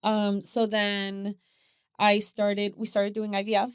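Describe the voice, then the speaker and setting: Woman, podcast guest, open storytelling, middle pitch, dry close mic. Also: monotone, slow, clear, resonant tone, dry recording. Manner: open, storytelling with acted quotes and laughs. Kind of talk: candid podcast conversation.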